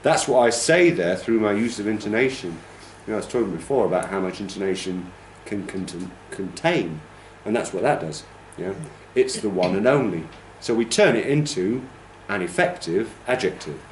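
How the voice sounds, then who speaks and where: Low-voiced man lecturing in an echoey classroom. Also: animated, normal speed, few pauses, slight background noise. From United Kingdom. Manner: explanatory, demonstrates stress patterns aloud. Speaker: teacher trainer.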